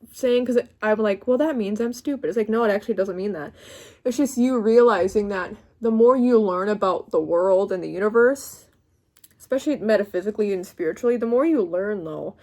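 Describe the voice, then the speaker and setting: A young woman talks through a tarot reading in a slightly high voice. She gushes and gets excited as she goes, often breaking off mid-word before she finds the thought again. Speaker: tarot reader. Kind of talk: pick-a-card tarot reading.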